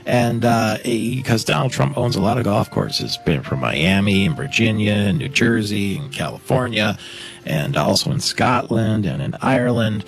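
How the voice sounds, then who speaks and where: A man's voice: fairly low pitch, expressive, moderate pace, creaky, soft background music. A man hosting a talk show, chatting casually and joking about the clips he plays. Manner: chatty, joking, laughs at his own asides. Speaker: radio host.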